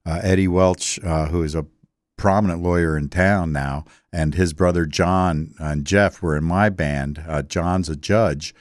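A man's voice: low-pitched, steady tone, a little slow, no room sound, studio quality. An older man from Delaware, telling family stories in a casual interview, rambling with many fillers. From Delaware, USA. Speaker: interview guest.

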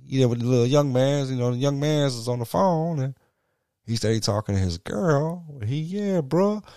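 A man's voice: mid-range voice, brisk, mellow, clear, resonant tone, dry recording, studio quality. A middle-aged man in casual, profane chat, telling stories animatedly and slipping into quoted voices.

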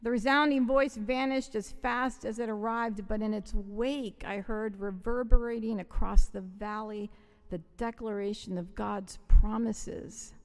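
Woman pastor with a fairly high voice acting out a first-person story in the sermon, slow and emotive, echoing through a big sanctuary. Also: steady tone. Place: church sanctuary. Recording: long reverb of a large hall.

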